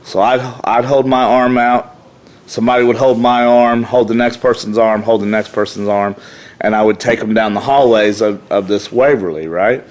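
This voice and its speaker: A man's voice: fairly low pitch, steady tone, moderate pace, darkish tone. A middle-aged man, a podcast guest telling rowdy, profane stories in a casual way. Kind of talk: casual storytelling.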